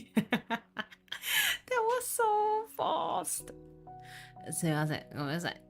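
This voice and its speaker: A woman's voice: mid-range voice, huge pitch swings, slow. A young woman from Singapore with a Singaporean English accent, chatting casually with viewers on a live stream, laughing often and switching between English, Mandarin and Japanese. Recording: faint background music.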